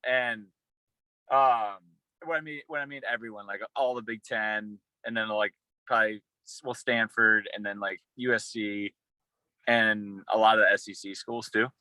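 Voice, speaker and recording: A young man, a former college football player, telling a rambling, excited story in a casual interview, with many restarts. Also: lowish voice, normal speed, no room sound, poor audio.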